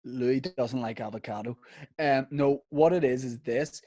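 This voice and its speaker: A man's voice: mid-range voice, a little slow, slight background noise. Man telling a comic story. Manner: animated, slips into mimicking voices mid-story. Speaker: podcast co-host. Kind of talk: casual comedic storytelling.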